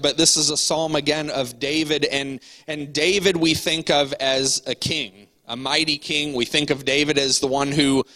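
Male pastor, easygoing conversational sermon, bright tone. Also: medium pitch, rough recording. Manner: conversational preaching with fillers and repeated words.

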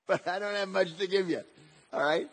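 A man preaching a sermon, often repeating words and swinging between loud emphatic lines and quiet, soft passages. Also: high voice, slightly rough.

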